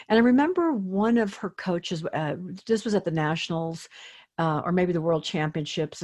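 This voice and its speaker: An older woman, a fitness expert, speaking as a guest in an interview in a lively, earnest, motivational way. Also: fairly low pitch. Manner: lively, acts out quoted inner voices. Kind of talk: conversational interview.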